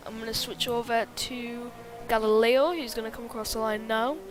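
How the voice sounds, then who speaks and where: Female sim-racing commentator, somewhat high-pitched, casual and filler-heavy. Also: fairly even intonation, normal speed, noisy background. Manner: chatty, many fillers, reads chat. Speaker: race commentator.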